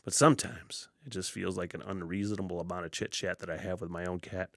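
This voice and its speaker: A man's voice: deep voice, quick pace, no echo. A man hosting his own podcast, telling rambling stories full of swearing and chuckling at himself from a basement studio. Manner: profane, animated storytelling with self-laughs. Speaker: podcast host. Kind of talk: casual solo podcast rambling.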